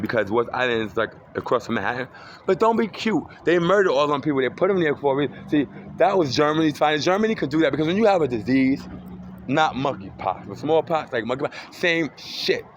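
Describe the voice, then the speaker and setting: A man rambling through a profane, accusatory rant outdoors on a city street, filming himself on a phone. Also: medium pitch. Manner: rambling, accusatory, heavy cursing. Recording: dull lo-fi street recording with traffic noise. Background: street traffic noise.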